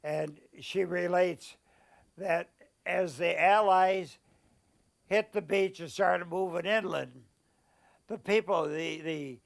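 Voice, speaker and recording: An older man, a war veteran, recounting memories in an oral history interview, halting and searching for words, at times emotional. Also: a little high. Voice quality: gravelly.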